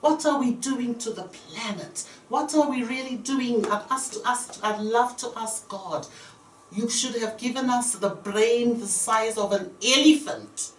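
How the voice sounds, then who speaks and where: A woman's voice: a little high, a little slow, slight background noise. A woman guest poet speaking earnestly and reflectively in a casual radio chat. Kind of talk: casual chat, reciting poetry. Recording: roomy, distant, faint ambience.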